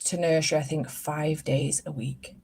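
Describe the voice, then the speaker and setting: Woman chatting away, lowish voice, swears a lot, tells funny stories. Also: fairly even intonation, moderate pace, darkish tone, husky. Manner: chatty storyteller, swears casually. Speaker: host. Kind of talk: casual chat.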